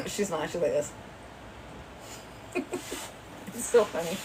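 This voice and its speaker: A woman's voice: on the low side, lively intonation, slow pace, darkish tone, recorded from a distance, slight background noise, poor audio. A woman hosting a livestream, telling a rambling, gossipy story in a chatty way. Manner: rambling, chatty, often laughing. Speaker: livestream host. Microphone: phone.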